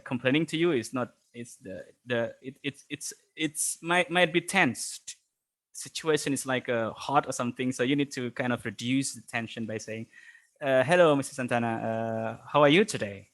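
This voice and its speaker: A man teaching an online English class, halting, with many fillers and restarts and frequent chuckles. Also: mid-range voice, fairly bright tone.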